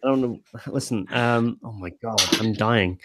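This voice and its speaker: A man's voice: mid-range voice, normal speed, very noisy. A tipsy man hosting a casual group livestream over a video call, slurring a little and rambling with many fillers and restarts. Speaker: livestream host.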